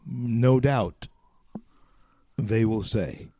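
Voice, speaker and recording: A man from the United States hosting a talk show, delivering a folksy, preachy opinion monologue with drawn-out emphatic phrases. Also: mid-range voice, mellow, no echo, clean studio sound.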